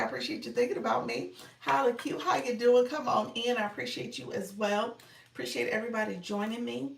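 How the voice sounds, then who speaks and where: A woman's voice: on the high side, animated, fairly quick, creaky, far from the mic, a little hiss or hum. A woman streaming live as a coach, chatting casually, greeting viewers by name and laughing often. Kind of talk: casual livestream chat with viewers. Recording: echoey room, voice a bit off mic.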